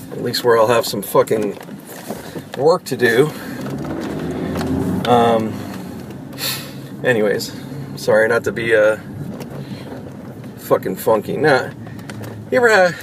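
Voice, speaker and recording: Driving in traffic, a man vlogs from his car with road and traffic noise all around. His creaky mid-range voice rambles to viewers, irritated and full of swearing, with lots of restarts.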